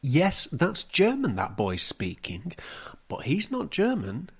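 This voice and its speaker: A man's voice: fairly high pitch, huge pitch swings, fairly bright tone, slightly rough. A man co-hosting a podcast, chatting casually in a jokey, playful way. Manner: jokey, playful, quick to laugh. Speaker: podcast co-host. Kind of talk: casual comedic chat.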